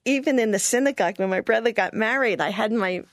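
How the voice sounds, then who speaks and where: An older woman being interviewed, telling a personal story in a lively way and often laughing. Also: fairly high pitch, fast, no echo, studio quality.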